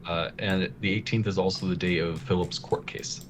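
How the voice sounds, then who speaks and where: A man's voice: deep voice, steady tone, normal speed, noisy background. A man narrating as game master of a tabletop game, speaking hesitantly with many filler words.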